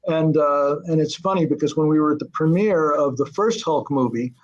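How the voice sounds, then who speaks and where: An older man, a guest on an interview show, telling anecdotes in an animated way and acting out the voices of people he quotes. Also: on the high side, normal speed. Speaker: guest, TV series creator. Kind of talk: anecdotal storytelling. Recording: muffled lo-fi audio.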